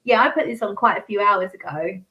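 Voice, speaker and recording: A woman's voice: mid-range voice, fairly quick, muffled recording. A woman hosting a casual fragrance chat on a livestream, laughing often and reading out viewer comments. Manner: chatty and giggly, reads out viewer comments. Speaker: host of a fragrance review channel.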